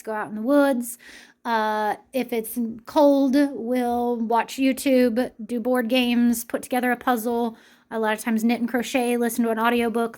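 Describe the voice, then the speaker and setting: A middle-aged woman vlogging about her family's meals in a casual, chatty way, with lots of ums and uhs. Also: a little high. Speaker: homesteading mom vlogger. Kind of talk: casual vlog narration.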